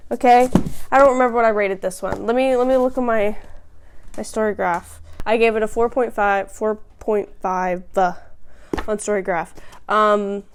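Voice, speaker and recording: A woman's voice: medium pitch, fairly even intonation, normal speed, a little hiss or hum. A woman chatting casually as a book vlogger, rambling with many fillers and restarts. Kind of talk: casual book review chat.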